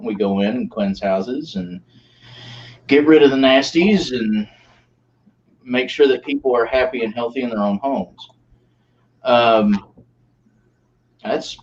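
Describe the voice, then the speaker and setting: A man on a paranormal team, describing their work in a casual, halting way with many fillers. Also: medium pitch, darkish tone. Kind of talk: casual live-stream chat. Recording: dull lo-fi call audio.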